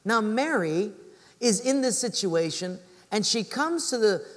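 A pastor with a fairly high voice delivers a sermon, slipping into the voices of the people in his stories. The hall rings with long reverb behind him. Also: animated, unhurried.

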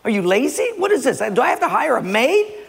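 A man's voice: extremely high pitch, huge pitch swings, fairly quick, creaky, breathy edge, in a large hall, voice pushed up, full character voice. A man acting out a sulky husband who grumbles sarcastically about chores. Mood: sarcastic huffy. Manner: sarcastic, huffy.

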